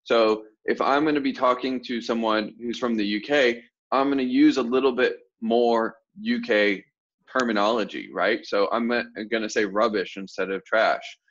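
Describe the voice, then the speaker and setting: A man's voice: mid-range voice, fairly even intonation, moderate pace, a bit bright, highs cut off. A man from the southern United States, a sales coach, explaining ideas casually with examples on a group coaching call.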